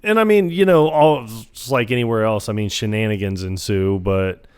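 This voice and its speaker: A man with a fairly low voice co-hosts a podcast, walking through a comedy's plot in loose, rambling chat. He leans on filler words and restarts as he recaps scenes for his co-host. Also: normal speed, clean tone. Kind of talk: casual movie recap chat.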